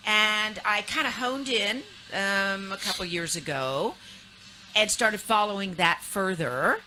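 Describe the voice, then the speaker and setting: A radio talk show host from Texas conducts a casual interview, chatty and teasing, with plenty of fillers and restarts. Her mid-range voice is slow and sharp in tone, on a low-quality AM radio broadcast with faint noise.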